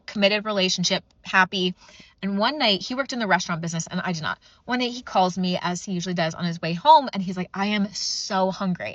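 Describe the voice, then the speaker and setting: A woman's voice: mid-range voice, dry recording, lo-fi sound. A woman host candidly telling a personal relationship story and giving advice, acting out the quotes as she goes. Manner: candid, lively retelling with acted-out quotes.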